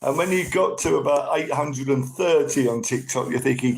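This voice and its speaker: A man's voice: on the high side, sing-song, a little slow, vocal fry, few pauses, a little mellow, low-quality recording. A man hosting a casual live stream, chatting to viewers and thanking them by name as they join.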